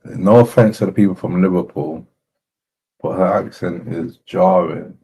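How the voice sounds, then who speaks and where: Deep dark-voiced guy, slow drawl, sarcastic and blunt reacting to clips. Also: fairly even intonation, a little hiss or hum, rough recording. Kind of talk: mocking commentary.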